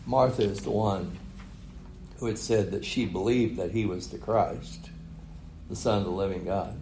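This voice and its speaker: A man's voice: fairly low pitch, normal speed, dark tone, echoey room, slight background noise, low-quality recording. A man preaching a sermon, retelling a story with chuckles and rhetorical questions. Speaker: pastor.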